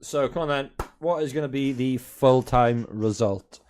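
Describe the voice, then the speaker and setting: A man's voice: mid-range voice, unhurried, darkish tone, smooth. Chatty man hosting a football stream. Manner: chatty, swears casually, teases viewers. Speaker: football watch-along streamer. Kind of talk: casual live-stream chat. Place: at home by his television.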